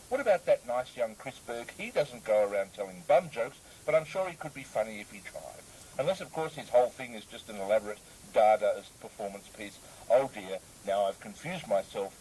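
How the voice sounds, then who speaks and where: Deadpan man reading letters. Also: on the low side, a little hiss or hum, rough recording. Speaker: radio comedy reader. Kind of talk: comic letter reading on radio.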